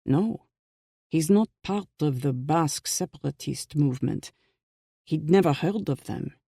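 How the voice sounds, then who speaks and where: A narrator voicing Ehud, a guarded man security officer who speaks slowly and low in a confiding way, in an audiobook reading. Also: expressive, vocal fry, dark tone, husky, no echo, studio quality, full character voice.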